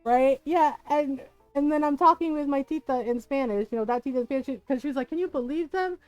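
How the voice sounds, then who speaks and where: A woman's voice: high voice, steady tone, fast talker, darkish tone, no echo. A woman streamer chatting casually while playing a video game, telling stories animatedly and swearing freely.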